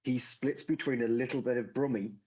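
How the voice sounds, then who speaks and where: A man's voice: mid-range voice, fairly even intonation, brisk, a little mellow, husky, highs cut off. A man from northeast England, chatting casually and matter-of-factly as a podcast co-host. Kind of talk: casual chat.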